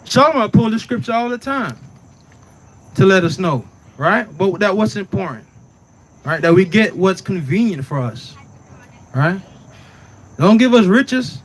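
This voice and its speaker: A man's voice: high-pitched, animated, measured pace, long pauses. A man teaching scripture in a casual preaching way, often asking "right?" and "you understand?" and telling the reader to read on. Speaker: Bible teacher.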